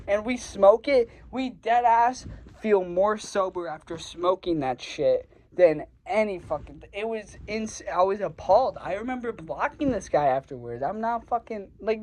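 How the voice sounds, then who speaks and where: A young man tells a story from his own life in a loose, rambling way. His voice sits a little high for a man. He leans on fillers and curses freely as he talks. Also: animated, moderate pace, hardly any pauses, a little mellow, poor audio. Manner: rambling, filler-heavy, profane, gets heated. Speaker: vlogger. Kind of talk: casual storytelling.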